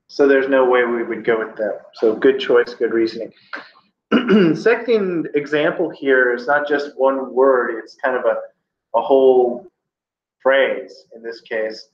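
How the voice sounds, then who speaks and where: A man's voice: mid-range voice, a little hiss or hum. A man teaching a test-prep class in a casual, joking, encouraging way. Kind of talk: classroom lesson. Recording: roomy, slightly dull classroom recording.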